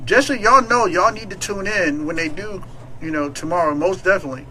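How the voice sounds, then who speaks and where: A man's voice: high voice, brisk, sharp tone, a little hiss or hum, poor audio. A man hosting a talk radio show, chatting casually and playfully with many fillers and restarts.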